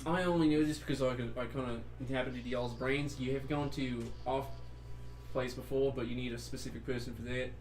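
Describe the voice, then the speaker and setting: Fast-talking player in an echoey room. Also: medium pitch, fairly even intonation, darkish tone. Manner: quick, casual, drawling speech. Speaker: tabletop game player. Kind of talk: casual tabletop chat. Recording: echoey room, mic far off.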